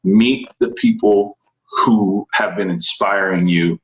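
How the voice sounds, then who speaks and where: A young man from Texas, a stunt performer, talks through his story in a relaxed interview. His voice sits fairly low and he tells it with animated enthusiasm, slipping into other people's voices. The room has a noticeable echo. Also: slow pace, creaky, muffled recording. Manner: animated, enthusiastic, frequent laughs and quoted voices.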